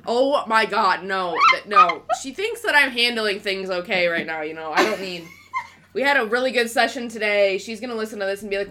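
A young woman co-hosting a podcast in casual chat, reacting with quick exclamations. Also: mid-range voice, animated, pushed and bright, slight background noise. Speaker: podcast co-host.

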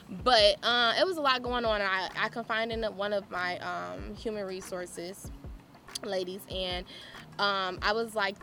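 A woman giving a candid, animated personal testimony, often laughing as she talks. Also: mid-range voice, gravelly, background noise.

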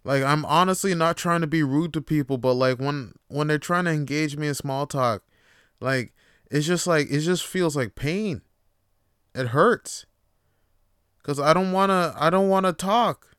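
A man's voice: on the high side, a little slow, fairly bright tone, clean tone, dry recording. A young man hosting a podcast who talks in a rambling, profane and blunt way, close to the mic. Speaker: podcast host. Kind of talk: casual monologue.

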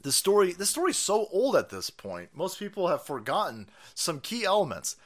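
Male stream host: profane political rant, sarcastic and loud, fairly high, very lively pitch. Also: moderate pace. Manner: loud, crude, sarcastic, laughing.

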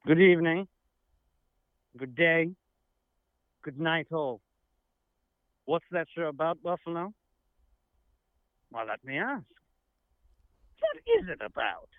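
A man voicing a stuffy, posh English gentleman as a comic bit, heard over a tinny phone line. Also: on the high side, huge pitch swings, fast, few pauses, dry recording, voice pushed up. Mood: pompous. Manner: exaggerated posh comic accent.

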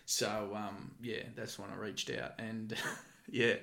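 A man, telling animated stories about his security work in casual podcast chat, swearing freely. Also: fairly low pitch, takes it slowly, gravelly, reverberant. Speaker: guest, former security guard.

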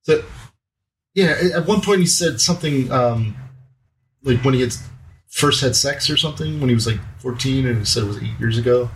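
A man's voice: medium pitch, normal speed, a little hiss or hum, low-quality recording. A man co-hosts a casual book podcast, reading passages aloud and chatting between them. He talks in an easygoing way and laughs often. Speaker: podcast co-host.

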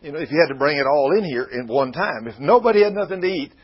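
A man's voice: a little high, animated, fast talker, breathy edge. A man preaching a sermon in a folksy, conversational way, retelling Bible scenes. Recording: muffled lo-fi radio broadcast.

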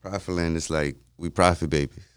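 Laid-back rapper guest, man, very deep and smooth, dry close sound. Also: fairly even intonation, a little fast, dry recording. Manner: laid-back, often says "you know what I mean". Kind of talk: casual interview talk.

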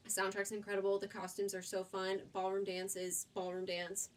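A woman's voice: medium pitch, completely flat delivery, normal speed. Chatty, enthusiastic woman recommending movies. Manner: enthusiastic, chatty, laughs at herself. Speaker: podcast co-host. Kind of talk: casual chat recommending movies.

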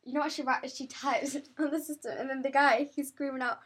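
A young woman from with a fairly high voice chats with friends in a casual podcast. She tells stories with animation and acts out the people in them. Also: fairly even intonation, a little fast, few pauses, a bit bright. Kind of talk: casual chat.

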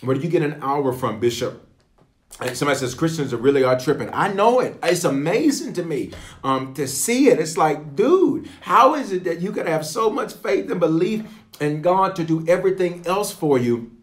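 Lively pastor hosting a livestream. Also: male voice, on the high side, moderate pace. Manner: lively, call-and-response greetings to viewers. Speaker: pastor leading online prayer.

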